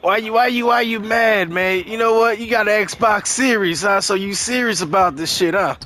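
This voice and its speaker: A man's voice: sits high, moderate pace, bright, forceful tone. A man putting on a voice as a cocky, older-sounding streetball trash talker, taunting and boasting profanely over game voice chat.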